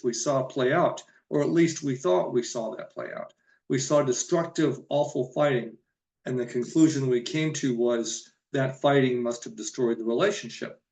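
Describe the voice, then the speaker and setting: A man's voice: medium pitch, vocal fry, darkish tone, reverberant. A man giving an earnest, emphatic solo talk to camera about relationships, stressing and repeating his main points like a counselor.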